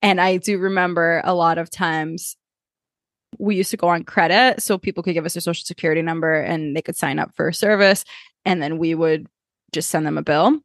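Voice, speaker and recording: A woman's voice: on the low side, fairly even intonation, fairly quick, dry recording, clean studio sound. A woman co-hosting a podcast, telling wry stories in casual chat. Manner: wry, storytelling with quoted voices. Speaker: podcast co-host.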